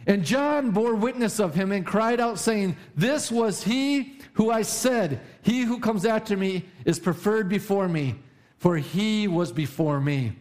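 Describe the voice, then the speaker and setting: A male pastor delivers a sermon in a somewhat high voice. He hammers points home by repeating phrases, swinging his pitch sharply up and down for emphasis. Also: expressive, a little slow, a little mellow. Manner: preaching with emphatic repetition and sudden pitch swings.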